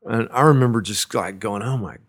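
A middle-aged man, a musician, spins anecdotes in an easy, unpolished way. His sentences wander and restart, and he is quick to laugh at himself. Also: medium pitch. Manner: rambling, many fillers and restarts, laughs at his own stories. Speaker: musician recalling his career. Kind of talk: casual storytelling interview.

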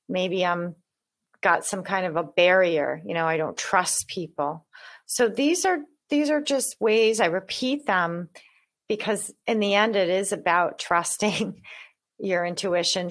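A woman's voice: fairly low pitch, fairly bright tone. Earnest woman explaining her method. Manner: earnest, explanatory, repeats words as she goes. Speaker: author and guest. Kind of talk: conversational interview.

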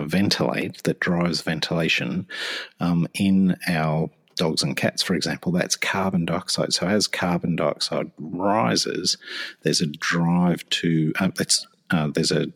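Man, vet podcast co-host, very low voice, husky, stumbles and laughs at himself. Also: fairly bright tone. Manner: self-deprecating, stumbling when flustered. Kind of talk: casual podcast chat.

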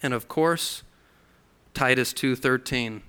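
A man's voice: medium pitch, slow pace, pushed and bright, clear, resonant tone. A man preaching a sermon in a church, earnest, acting out the voices he quotes. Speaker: pastor. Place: church hall.

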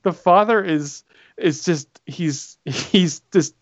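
High-voiced man in easygoing chat. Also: slow pace, dry recording, lo-fi sound. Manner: polite, trails off and restarts, laughs along. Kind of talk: casual film chat.

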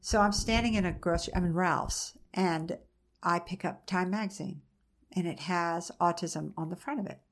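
A woman's voice: fairly low pitch, moderate pace. A middle-aged woman, a mother being interviewed, frankly recounting a personal story in a conversational way. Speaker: interview guest, mother of an autistic son.

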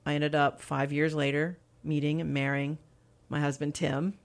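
A woman's voice: deep voice, level tone, normal speed. A woman telling her personal faith testimony as an interview guest, earnest and candid.

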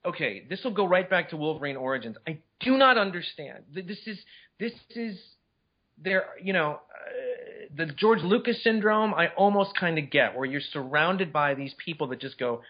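A man co-hosting a casual movie chat, talking in excited, incredulous bursts with many restarts. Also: on the high side, normal speed, highs cut off. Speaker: podcast co-host.

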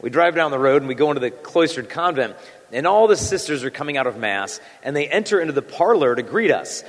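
A man's voice: fairly high pitch, very animated, fast. Guy in his 30s giving a catholic talk, chatty, lots of ums and restarts, long hall echo. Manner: conversational and self-deprecating with fillers and restarts. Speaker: Catholic speaker. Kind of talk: prayer then a talk to a church audience.

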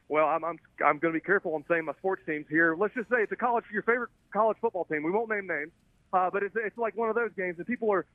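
A Southern-accented man talks loosely over a thin, tinny phone line, his voice a touch high and very dry. He rambles, restarts his sentences and chuckles as he goes. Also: dry recording. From Alabama. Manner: relaxed, rambling, many restarts and laughs. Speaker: guest filmmaker. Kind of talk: casual interview chat.

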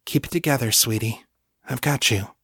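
A man voicing a gentle, motherly young woman who speaks in a soothing, tender way. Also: low-pitched, normal speed, no room sound, studio quality, pitched above the performer's own voice.

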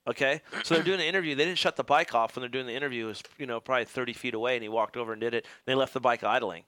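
A man co-hosting a casual podcast chat, telling stories in an animated way and acting out what others said. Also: mid-range voice, rapid-fire, dry recording. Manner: animated storytelling, acts out quotes. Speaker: podcast co-host. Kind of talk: casual chat about motocross racing.

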